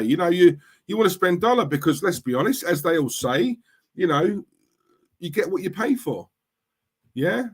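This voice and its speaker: Fired-up guy on a stream, middle-aged, keeps going "yeah? right?", fairly high voice. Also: creaky, breathy edge. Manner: fired-up, repetitive, asks "yeah? right?" constantly. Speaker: streamer, football fan. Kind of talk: livestream rant reading chat.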